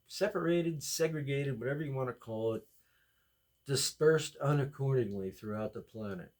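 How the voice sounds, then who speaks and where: A man hosting a podcast, delivering a rambling, excitable comedy monologue that jumps from topic to topic. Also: mid-range voice, normal speed. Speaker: podcast host.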